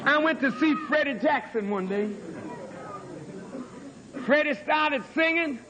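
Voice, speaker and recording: High-voiced man preaching slowly. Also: lively intonation, noisy background. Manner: dramatic preaching, mock-crooning quoted lovers. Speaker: minister. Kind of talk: sermon. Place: church hall.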